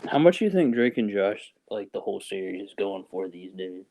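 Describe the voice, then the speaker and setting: A man's voice: on the low side, big pitch swings, a little fast, dark tone, low-quality recording. A young man co-hosting a podcast, chatting casually and joking loosely, laughing often. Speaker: podcast co-host. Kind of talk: casual chat.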